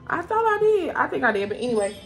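A woman's voice: sits high, very animated, fast, music in the background. A young woman chatting casually to her viewers in a vlog, often out of breath. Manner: chatty, addresses viewers directly. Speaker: vlogger. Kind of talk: casual vlog chat to camera.

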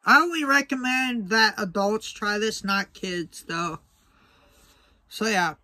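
A young man vlogging casually to camera, mouth burning from spicy food, talking slowly with breathy sighs between short remarks. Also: high voice, pushed and bright, no room sound. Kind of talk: casual vlog talk to camera.

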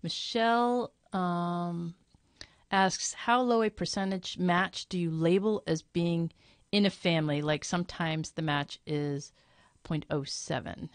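A woman's voice: lowish voice, slow pace, no echo. A woman moderating a live webinar question session, reading out viewer questions in a chatty, informal way and thinking aloud.

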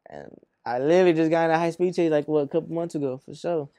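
Talking fast in a warm voice on the high side, this Arizona rapper guest relates long, filler-filled stories in cursing street slang and imitates the people involved. The casual storytelling interview has no room sound.

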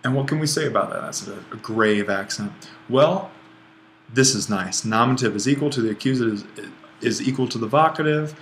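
A man teaching a grammar lesson over a screencast, relaxed and thinking aloud as he writes, often correcting himself. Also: medium pitch, a little fast, a little hiss or hum. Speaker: Greek language instructor.

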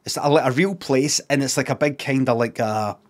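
A man's voice: medium pitch, fairly quick. Sweary Scottish man musing aloud. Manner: rambling, repetitive, sweary musing. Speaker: streamer. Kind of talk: casual live-stream reaction.

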